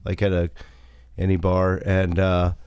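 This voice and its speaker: A man from the United States tells a meandering, easygoing story in casual podcast chat. His voice sits fairly low and sounds smooth and clear. The recording is dry and close, made at home. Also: completely flat delivery, unhurried, a little mellow, no echo. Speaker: podcast co-host.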